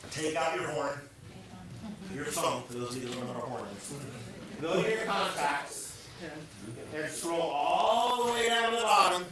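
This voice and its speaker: A man's voice: on the high side, expressive, normal speed, long pauses, fairly bright tone, slight background noise. Echoey man presenting to a crowd. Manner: joking, asks the room questions. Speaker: team meeting presenter. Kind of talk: lively team meeting talk. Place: large meeting room with audience. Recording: echoey room, speaker far from mic, crowd sounds.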